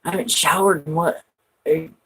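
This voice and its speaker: A woman's voice: low voice, fairly even intonation, normal speed, husky, rough recording. A woman vlogging from home in casual rambling chat, swearing a lot and laughing often.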